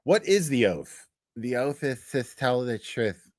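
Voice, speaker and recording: Animated man reacting to live chat. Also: mid-range voice, a little slow, no echo, studio quality. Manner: animated, swearing, repeating words for chat. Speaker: livestream host. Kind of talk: casual reaction commentary.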